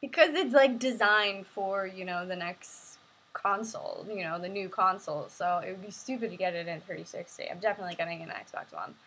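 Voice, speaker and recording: A woman's voice: medium pitch, a little fast, fairly bright tone, a little hiss or hum, rough recording. A young woman casually answering viewers' questions on a live stream, chatty and giggly, with silly sing-song bursts.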